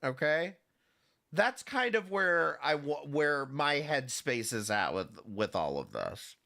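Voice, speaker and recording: Hosting a live commentary stream, a man with a slightly high voice talks at a slow pace with vocal fry and a sharp tone, very animated throughout. He greets chatters by name and rambles sarcastically and casually, swearing and restarting as he goes.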